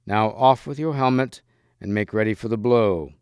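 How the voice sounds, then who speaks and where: A man's voice: normal speed, darkish tone, clean tone, no room sound, clean studio sound, lightly acted. A man reading aloud and voicing a huge, fierce green-faced knight with a mighty, commanding voice. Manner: booming, commanding.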